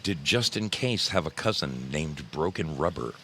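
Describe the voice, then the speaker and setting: A low-voiced man hosts a casual livestream, greeting his viewers one by one in a folksy, chatty way. His tone is bright and forceful despite the deep pitch. A faint hiss sits under his voice. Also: lively intonation, normal speed. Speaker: livestream host.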